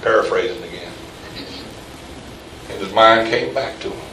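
A man's voice: on the low side, moderate pace, pushed and bright. A man preaching a sermon to his congregation, chatty one moment and emphatic the next, quizzing the listeners as he goes. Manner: conversational, rising to emphatic peaks, quizzing the congregation. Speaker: pastor. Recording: echoey room, from far off, faint ambience.

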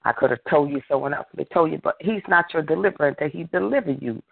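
A man's voice: fairly high pitch, fast, creaky, no room sound. A male preacher giving a fervent sermon over a prayer line, building it on repeated phrases and calls for an amen. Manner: repetitive call-and-response preaching, fervent. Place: remote prayer line by phone. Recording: tinny phone line.

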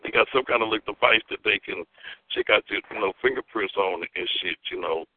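A man calling into a phone chat line, talking in a rambling, repetitive way and shouting taunts. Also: lowish voice, brisk, breathy edge, dry recording, narrow, tinny audio.

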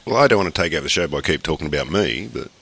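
An Australian man with a remarkably deep voice co-hosts a podcast. He talks in a rambling, matter-of-fact way, telling stories from his week. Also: expressive, racing, a bit bright, breathy edge. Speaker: podcast co-host. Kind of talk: casual chat.

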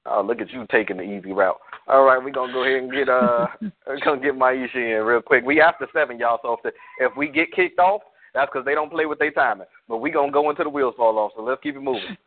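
A man's voice: medium pitch, animated, quick pace. A man, a pastor, hosting a call-in show in a heartfelt, rambling way. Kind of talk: casual call-in talk. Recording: tinny phone-line sound.

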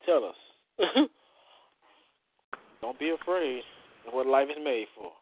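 A man's voice: medium pitch, expressive, takes it slowly. A man hosting a call-in radio show, joking, bawdy and laughing often. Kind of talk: call-in internet radio chat. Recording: phone-line audio with faint hiss.

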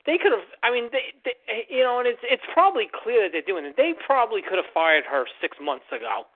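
A podcast host talks in a blunt, swearing, opinionated way at a medium pitch. The sound is thin and tinny, like a phone line. It is a loose, casual chat. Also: expressive, a little fast.

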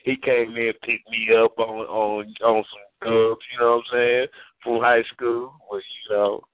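A man's voice: mid-range voice, little pitch movement, unhurried, no echo. A man chatting casually on a podcast, telling a story with lots of "you know what I'm saying.". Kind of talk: casual chat. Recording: dry, phone-like band.

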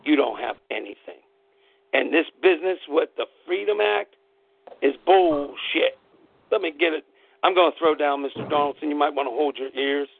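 A man's voice: on the high side, normal speed, vocal fry, husky. A man hosting an internet radio show, delivering a fired-up, profane political rant in angry bursts. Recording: tinny phone-line audio, dry.

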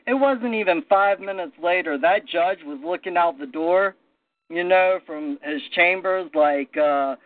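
A man telling a story casually, with animated anecdotal delivery. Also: high-pitched, moderate pace, no room sound. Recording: tinny phone-line audio.

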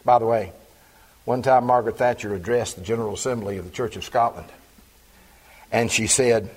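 Middle-aged male pastor, husky mid-pitched voice, emphatic deliberate sermon delivery. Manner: reads scripture aloud, then expounds with slow emphatic stresses.

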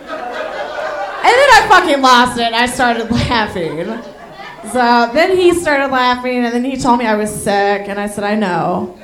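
A woman's voice: fairly high pitch, expressive, a little slow, a bit bright, reverberant, some chatter behind. A woman doing a crude, blunt stand-up comedy set in a bar, laughing through her own jokes. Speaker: stand-up comic. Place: bar stage.

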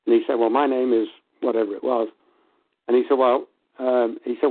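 Brief: male caller, mid-pitched voice, chatty storyteller, phone-line sound. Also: brisk, slightly rough. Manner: storytelling, quotes people, laughs between lines. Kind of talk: telling a story on a call-in show.

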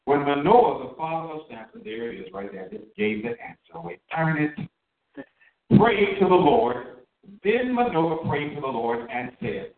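A man's voice: fairly high pitch, sing-song, vocal fry, roomy sound, distant mic, phone-quality sound. A man preaching a sermon, drawing out his key words and asking his listeners questions. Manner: emphatic, drawn-out stresses on key words.

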